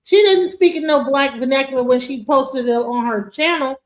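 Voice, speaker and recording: An emphatic woman co-hosting a casual commentary stream, her voice pitched a little high. She repeats words as she pushes her point. The sound carries a roomy echo. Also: moderate pace. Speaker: stream co-host.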